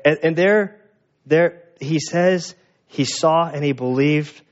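A man preaching a sermon in a lively, animated way, acting out the voices of people in the story. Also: a little high, slow, highs cut off. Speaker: pastor.

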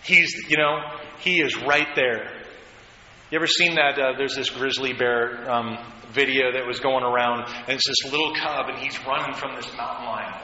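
A man's voice: medium pitch, steady tone, normal speed, sharp tone. A man preaching a sermon as pastor, speaking conversationally and rising into fervent prayer. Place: church hall. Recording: echoey hall, dull sound, faint noise.

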